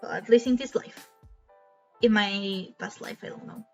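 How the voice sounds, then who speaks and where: A woman with some vocal fry talks at a moderate pace during a stream, rambling and poking fun at herself. Faint background music sits under her voice, which comes through a cheap desk mic with a dull, low-quality sound.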